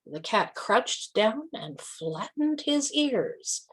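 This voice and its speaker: Breathy, animated woman reading a story. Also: a little high, drawn-out words. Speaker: children's story reader at church service.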